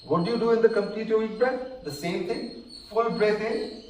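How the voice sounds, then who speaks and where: A man calmly guiding a group through yoga breathing and counting, slightly out of breath. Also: high voice. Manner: calm, counting slowly, gently checking in. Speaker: yoga instructor. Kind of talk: guided breathing instruction. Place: large hall at a live session. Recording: very echoey hall, distant mic, faint noise.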